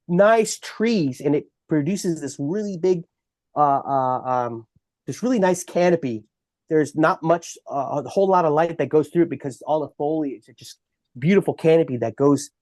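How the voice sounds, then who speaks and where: Animated Texan man telling a story. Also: fairly high pitch, dry recording, clean studio sound. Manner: animated, halting storyteller with many restarts. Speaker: bigfoot researcher guest. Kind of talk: storytelling in a podcast interview.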